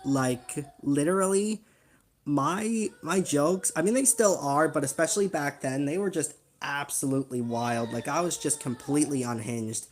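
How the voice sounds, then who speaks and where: A man's voice: a little high, normal speed. Brief: male channel host, casual reaction commentary; rambling, self-deprecating, slangy. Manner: rambling, laughing at himself, slangy. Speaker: channel host reacting to his old video.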